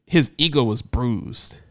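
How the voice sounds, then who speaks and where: A man's voice: mid-range voice, dry recording, clean studio sound. A man giving an impassioned opinion monologue, emphatic, his voice rising when he gets indignant and often repeating words as he starts a thought. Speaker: commentator.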